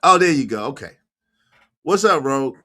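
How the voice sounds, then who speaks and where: A man hosting a livestream show in a loose, joking way. His voice is bright and forceful, and it swings from teasing to loud shout-outs at his viewers. His pitch sits in the middle for a man. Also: lively intonation, moderate pace. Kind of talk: casual livestream chat.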